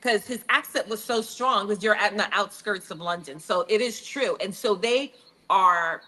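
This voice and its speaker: Chatty woman with a bright voice. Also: medium pitch, moderate pace, poor audio. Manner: chatty storyteller, animated anecdotes. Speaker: host. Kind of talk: casual chat.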